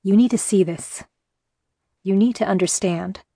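A woman's voice: mid-range voice, measured pace, vocal fry, dark tone, slightly rough, dry recording, studio quality. A woman voicing a strong young man who speaks firmly and urgently. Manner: firm, urgent. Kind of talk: audiobook narration.

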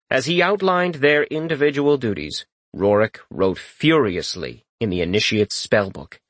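A man reading a fantasy audiobook in steady, even storytelling narration. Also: medium pitch, unhurried, few pauses, no echo.

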